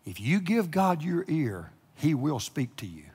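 A middle-aged male pastor preaching a sermon, moving between hushed, near-whispered lines and loud, emotional passages. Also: on the high side, sing-song, a little slow, husky. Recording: echoey hall with long reverb.

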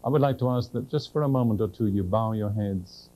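A man preaching a sermon, earnest and direct, who slows down to read scripture with emphasis and keeps asking his listeners questions. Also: on the low side, dark tone, poor audio.

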